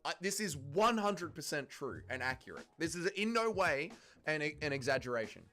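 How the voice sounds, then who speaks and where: Lively, sweary Australian streamer. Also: male voice, a little high, normal speed. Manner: animated, sweary, reads chat aloud. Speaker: livestream host. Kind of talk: casual watch-along commentary.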